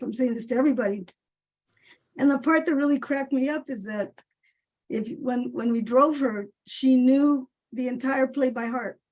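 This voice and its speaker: An older woman on a video call, telling lively stories with frequent laughter and loud bursts. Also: on the high side. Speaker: honored guest playwright.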